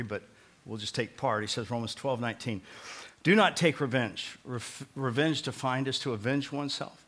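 Male pastor, sermon delivery, bright voice, conversational, punchy repeats, big dynamic swings from loud to soft. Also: medium pitch. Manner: emphatic, swings from loud proclaiming to quiet earnest pleading; conversational, repeats short phrases for emphasis.

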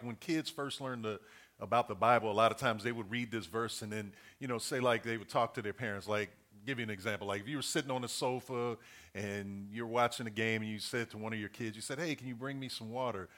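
A man's voice: medium pitch, steady tone, quick pace, a bit bright. A middle-aged man preaching a sermon, earnest and repeating his key points as he works through a numbered list.

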